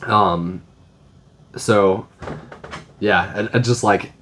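A man's voice: fairly low pitch, fairly even intonation, very slow, fairly bright tone, a little hiss or hum. A man talking about a film in casual chat, hesitant with many fillers. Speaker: podcast guest.

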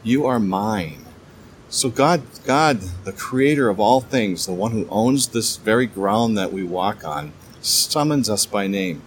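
A man giving a casual devotional Bible talk, enthusiastic but halting, often stammering and restarting his sentences. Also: fairly low pitch, lively intonation, slight background noise. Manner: enthusiastic, keeps calling things cool. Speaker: Bible teacher.

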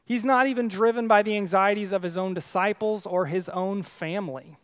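A man preaching a sermon, retelling scripture in a conversational, animated way with casual asides. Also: sits high, moderate pace, smooth, big-room sound. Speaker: pastor.

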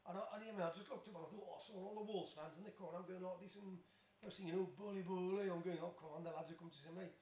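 A man in his fifties with a Black Country accent tells rambling stories at a brisk pace, restarting sentences and laughing along. His voice sits a touch high for a man. The room adds a noticeable echo around him. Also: steady tone, darkish tone, slight background noise. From Tipton, West Midlands of England. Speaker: guest, former footballer. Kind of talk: casual storytelling interview. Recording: roomy echo.

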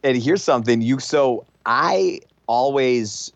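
A man's voice: medium pitch, lively intonation, slow, creaky, muffled recording. A young man, a podcast guest, chatting casually and explaining things in a matter-of-fact way. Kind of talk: casual chat.

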